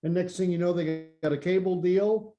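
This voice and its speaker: A man's voice: high-pitched, fairly even intonation, normal speed, mellow, muffled recording, soft background music. A man talking casually on a podcast, often repeating words as he thinks. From Canada.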